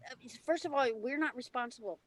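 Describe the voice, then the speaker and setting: Rambling woman with a fairly high voice. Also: brisk, a bit bright, no room sound. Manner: rambling storyteller with many restarts and fillers. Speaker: co-host. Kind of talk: casual discussion.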